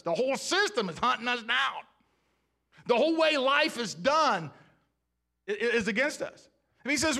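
A man's voice: extremely high pitch, pushed and bright. A man preaching a sermon as pastor, talking conversationally and asking the congregation questions.

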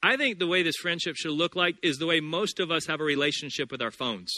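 A man in his thirties, a pastor preaching a sermon, playful and animated in his stories and then hushed and earnest. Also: on the high side, fast talker.

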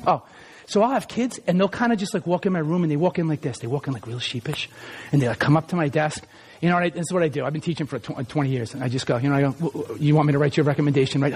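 High-voiced, animated man preaching. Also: slightly rough. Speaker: pastor who also teaches school. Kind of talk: sermon.

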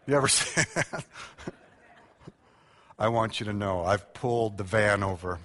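A middle-aged man preaches a humorous sermon in a large church hall, where the recording carries a long reverb. His voice sits on the low side, pushed and bright, moving at a measured pace with long pauses. He tells family stories, acting out quotes and making self-mocking jokes.

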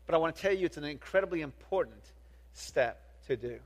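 A high-pitched, middle-aged man preaches a sermon with earnest conviction, now and then tripping over a word and starting it again. He keeps asking the congregation questions. His voice rings out with a long tail of reverb in a big hall. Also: expressive, brisk. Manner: earnest, often restarts words and asks the congregation questions. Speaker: pastor.

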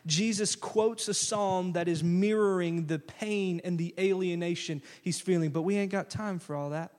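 A male pastor preaching a sermon, lively and conversational, slipping into casual phrases as he walks through a scripture reading. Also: high-pitched, moderate pace. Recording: long church-hall reverb.

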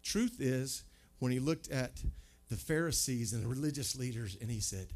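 A man's voice: medium pitch, animated, moderate pace, darkish tone. A male pastor preaching a sermon in a conversational way, asking the listeners questions and often stumbling over and repeating his words.

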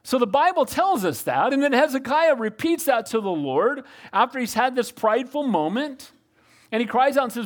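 A middle-aged male pastor preaching a sermon, calling for amens and moving between loud exhortation and quiet reflection. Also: very high voice, sing-song, normal speed. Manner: preachy, calls for amens, shifts from loud to soft.

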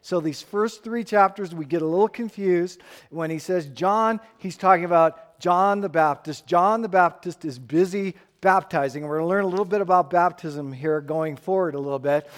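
A man's voice: sits high, normal speed, big-room sound. A man preaching a sermon in a church, emphatic and playful with the congregation. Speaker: pastor.

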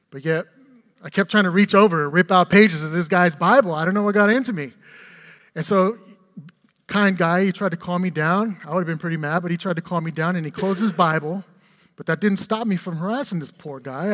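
A man in his forties with a high voice preaches a sermon, telling stories with humor and tossing rhetorical questions to his listeners in a conversational way. His voice rings out with the long reverb of a large church hall. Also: a bit bright. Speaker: pastor.

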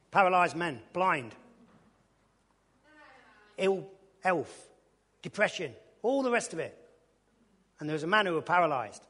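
A man preaching his testimony in a colloquial storytelling way, with bursts of loud enthusiasm. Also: fairly high pitch, big-room sound. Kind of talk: testimony sermon.

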